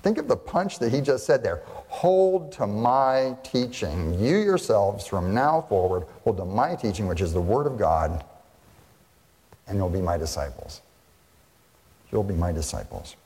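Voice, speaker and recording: A man's voice: lowish voice, very animated, a little slow, darkish tone, in a large hall. A man, a pastor, preaching a sermon and putting rhetorical questions to his congregation.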